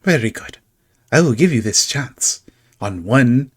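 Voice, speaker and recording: A man's voice: medium pitch, lively intonation, measured pace, slightly rough. A man voicing a flamboyant, whimsical male showman in a tabletop game, talking in a theatrical, sing-song way. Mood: teasing.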